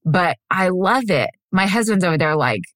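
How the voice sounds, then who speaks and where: Brief: woman co-host, lower voice, dry close sound, goofy rambling chat. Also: lively intonation, normal speed, fairly bright tone, no echo. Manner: rambling, goofy, swears freely. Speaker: podcast co-host. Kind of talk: casual chat.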